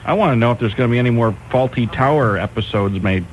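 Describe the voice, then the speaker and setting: A man's voice: medium pitch, fast, a little hiss or hum, rough recording. A man as a radio co-host, laid-back and wry in casual banter. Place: radio studio.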